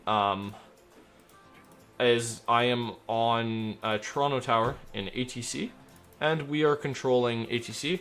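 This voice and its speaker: A man's voice: medium pitch, a bit bright. Chatty male streamer running air traffic. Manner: loose and chatty, with many fillers and "like"; switches to crisp radio phraseology when controlling. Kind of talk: casual live-stream chat.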